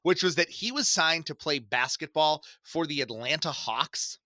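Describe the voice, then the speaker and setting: A man co-hosts a podcast, chatting casually and animatedly telling stories while laughing frequently. His voice runs a little high at a normal speed, and the recording is dry.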